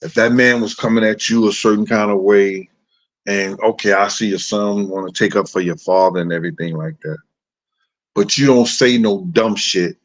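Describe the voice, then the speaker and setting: A man hosting a casual commentary show, talking straight to his viewers in street slang. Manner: animated, swings into high put-on voices and laughs.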